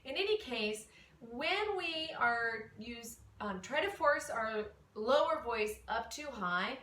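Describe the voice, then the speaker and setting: A woman voice teacher explaining singing exercises in a relaxed way, with fillers. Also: on the high side, slight background noise. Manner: relaxed explaining with fillers, demonstrates vocal slides. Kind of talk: instructional lesson. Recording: echoey room, mic at a distance.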